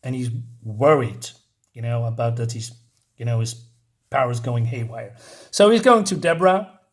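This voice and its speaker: Pria santai mengulas komik. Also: male voice, medium pitch, moderate pace. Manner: rambling, lots of "you know" fillers. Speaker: comic book reviewer. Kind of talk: casual video review.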